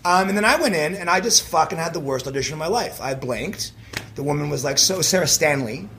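A young man telling a story in casual chat, animated and swearing, with lots of filler words. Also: fairly high pitch, quick pace, vocal fry, a little hiss or hum. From Canada. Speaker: actor telling his story.

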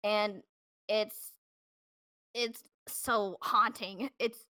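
A woman hosts a podcast, narrating a true-crime story loosely and chattily, full of fillers and restarts. Her medium-pitched voice is steady and sharp in tone, and she speaks very slowly. The podcast mic gives a clean, echo-free studio sound.

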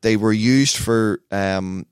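A man with a low-pitched voice, chatting casually on a podcast. He tells long, rambling stories, swears now and then, and restarts his sentences. The recording is dry and close. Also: slow pace, smooth, no room sound. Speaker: podcast co-host. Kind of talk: casual chat.

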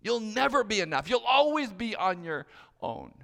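A preacher putting on a jeering, creaky accuser. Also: male voice, high-pitched, big pitch swings, moderate pace, big-room sound, pitched above the performer's own voice, full character voice. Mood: taunting. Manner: jeering, loud and repetitive. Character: taunting accuser, voice of condemnation.

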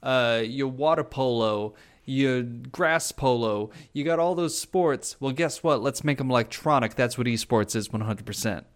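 A man's voice: medium pitch, unhurried, hardly any pauses, close to an everyday voice. A man putting on a cocky young esports gamer with an exaggerated Brooklyn-Boston bro accent, boastful and hyped. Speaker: podcast co-host doing a character.

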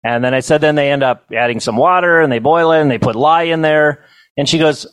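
A middle-aged man telling humorous stories to a banquet audience, with a deadpan comic delivery and chuckles. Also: on the high side, a little fast, smooth, no room sound. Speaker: storyteller. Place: banquet hall.

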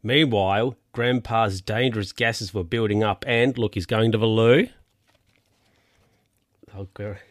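A man's voice: on the low side, fairly even intonation, unhurried, pauses often, dry recording, clean studio sound. A man reading a children's picture book aloud, breaking off for wry, amused asides. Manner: amused, ad-libbing wry comments. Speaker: reader.

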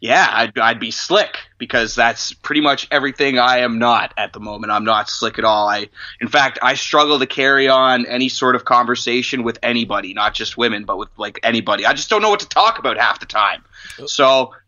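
A young man chatting casually on a podcast, self-deprecating and quick to laugh. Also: medium pitch, bright, forceful tone. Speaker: podcast co-host. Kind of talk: casual chat. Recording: lo-fi podcast audio.

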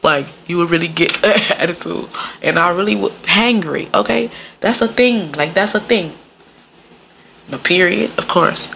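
A woman telling frank, profane stories in casual chat, full of fillers and sudden jumps in pitch. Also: measured pace, vocal fry, pauses often, pushed and bright, slight background noise. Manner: frank and profane, many fillers like "like" and "you know". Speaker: podcast guest or co-host.

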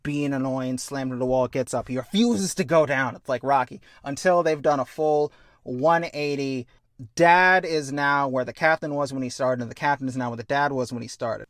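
A young man chatting casually, acting out a story pitch with quick voice changes and swearing. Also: fairly bright tone, dry recording, studio quality. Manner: acts out scenes with quick voice changes. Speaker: podcast co-host pitching a story. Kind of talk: animated storytelling chat.

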